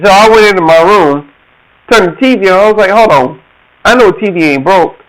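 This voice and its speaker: A man's voice: high voice, fairly quick, low-quality recording. A man, casually telling a story and acting out other people's voices. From Georgia, USA. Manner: animated, laughs often, acts out quoted voices.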